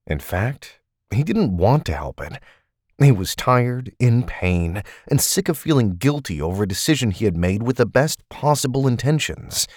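A man narrating a novel in measured storytelling at a close studio mic. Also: medium pitch, big pitch swings, a little mellow, no room sound. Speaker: audiobook narrator.

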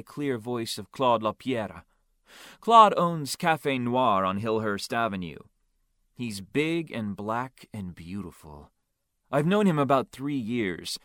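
Male audiobook narrator, first person, wry and understated, expressive pitch. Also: dry recording, clean studio sound.

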